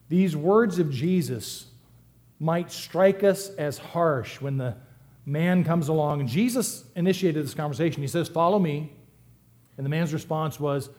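A man delivers a sermon in a church with a somewhat high voice. He talks in a conversational, humorous way and lets his volume rise and fall sharply for emphasis. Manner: humorous, conversational, lively swings in loudness. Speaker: pastor.

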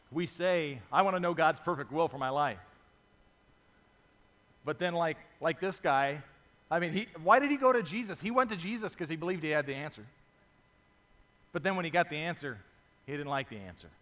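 A man preaching a sermon, his voice pitched a little high for a man and carried by the long reverb of a large hall. He moves between animated storytelling, where he acts out the voices of the people in his stories, and steady reading of scripture. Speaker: pastor.

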